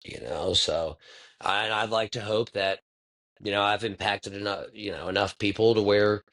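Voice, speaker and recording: A man's voice: lowish voice, steady tone, moderate pace, a bit bright. A man in his thirties hosting a podcast, talking in a rambling, laid-back way, reflective and full of profanity. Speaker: podcast host. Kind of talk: casual monologue.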